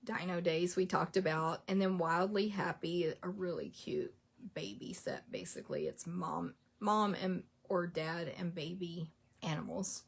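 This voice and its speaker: A chatty woman rattles through a list in a relaxed, casual rundown. Her fairly low voice has a gravelly, husky edge. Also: measured pace. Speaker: craft product demonstrator.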